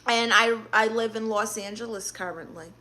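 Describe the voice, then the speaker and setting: A woman's voice: on the high side, moderate pace, pushed and bright. A woman with a Brooklyn accent streaming live, reading viewer comments aloud and answering them with blunt, sassy comebacks. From Brooklyn, New York.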